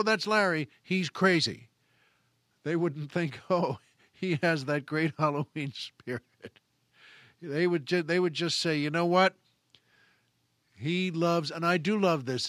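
A man's voice: a little high, a bit bright, no room sound, clean studio sound. A man hosting a podcast, telling a rambling story in casual monologue, with chuckles and restarts. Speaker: podcast host.

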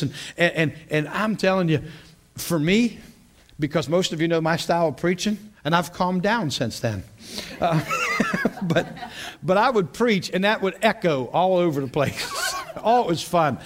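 A man preaching a sermon to a class, telling stories in an animated way with frequent laughs and repeated words. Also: high voice. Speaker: pastor.

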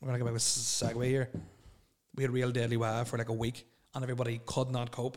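A man's voice: mid-range voice, monotone, very fast, a little mellow. A young man hosting a solo podcast, rambling and swearing bluntly as he answers listener questions. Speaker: podcast host.

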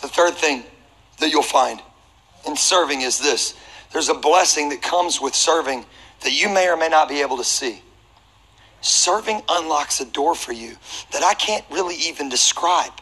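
A man preaching as a pastor, telling a personal story in a humorous, animated way. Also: on the high side, normal speed, slightly rough, rough recording.

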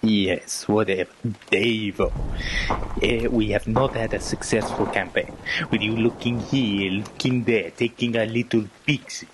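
A man plays a stiff officer, formal and suspicious. The voice sits somewhat low, and there is steady noise behind it. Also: measured pace, lightly acted. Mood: stern.

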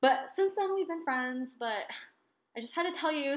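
A woman's voice: high voice, normal speed. A young woman in her twenties telling a story in casual chat, swearing freely and acting out what people said. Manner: animated, swearing, acts out quotes.

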